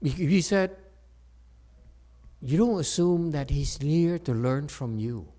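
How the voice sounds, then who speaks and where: Giving a Chan meditation Dharma talk, a man with a fairly high voice speaks slowly, often adding "okay?" tags and restarting phrases. He's animated, and his voice jumps up whenever he makes an emphatic point.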